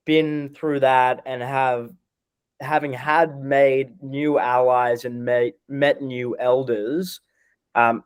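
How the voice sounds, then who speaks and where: Hesitant young man, smooth dry voice. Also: medium pitch, dry recording. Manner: hesitant, full of restarts. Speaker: guest being coached. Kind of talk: casual podcast conversation.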